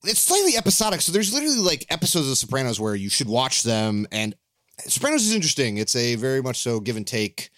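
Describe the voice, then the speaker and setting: A man's voice: mid-range voice, wildly swooping pitch, quick pace, a bit bright, no echo, studio quality. A man co-hosting a podcast in casual chat, enthusiastic and swearing freely as he talks. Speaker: podcast co-host.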